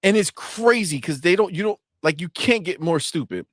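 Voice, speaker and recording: A man's voice: sits high, animated, normal speed, dry recording, studio quality. A man co-hosting a gaming podcast in casual, heated banter, swearing freely and talking animatedly.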